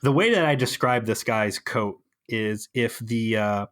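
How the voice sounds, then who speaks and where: A man's voice: lowish voice, measured pace, fairly bright tone. Rambling, sarcastic male podcast co-host. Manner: rambling, sarcastic, lots of fillers. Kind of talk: casual chat.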